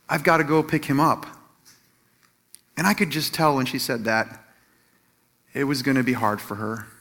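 A middle-aged man telling a personal story in a sermon, animated and self-laughing, acting out what others said. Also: mid-range voice. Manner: animated storytelling, acts out quotes, laughs at himself. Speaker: Christian teacher or pastor.

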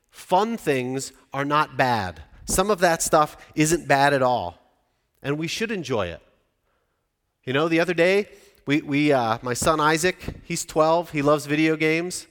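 A forties-aged pastor's fairly high, slightly bright voice comes across animated yet a little slow. Preaching in a conversational manner in a church hall with lots of reverb, he frequently asks the congregation questions.

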